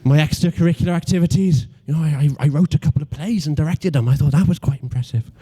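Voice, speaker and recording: A man's voice: on the high side, quick pace, dark tone, slightly rough. A young man in his twenties with a Welsh accent doing a stand-up routine, self-deprecating and mock-logical, with stammering restarts. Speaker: stand-up comedian.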